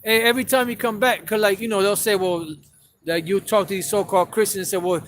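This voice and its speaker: A man's voice: sits high, steady tone, fast talker, fairly bright tone, slight background noise. A man in a casual religious discussion, explaining emphatically and cursing casually.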